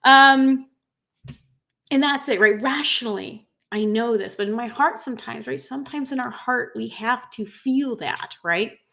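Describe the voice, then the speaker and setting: A woman in her thirties hosting a livestream, tearful after crying, reading viewer comments in an earnest, halting way with many fillers. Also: on the high side, gravelly, a bit bright. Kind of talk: emotional livestream chat.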